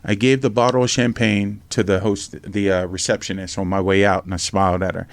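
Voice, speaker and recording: A middle-aged podcast host and memoir author from Norristown, Pennsylvania, USA, tells his life story in a casual interview, low-pitched and fairly quick on a dry recording. He's blunt and animated, swears freely, acts out the voices in his tales and often says "right?"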